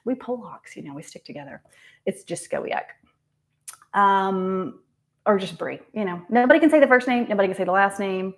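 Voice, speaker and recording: A woman's voice: mid-range voice, expressive, normal speed. A woman, a nurse practitioner chatting casually on a livestream while she gets ready, with frequent ums and laughs. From American South. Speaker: nurse practitioner live-streaming.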